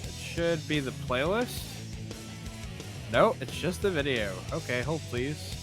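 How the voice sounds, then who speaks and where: A man's voice: a little high, animated, takes it slowly, music in the background. A laid-back co-host man fumbling with sharing a link over voice chat. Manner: laid-back, distracted while sharing links.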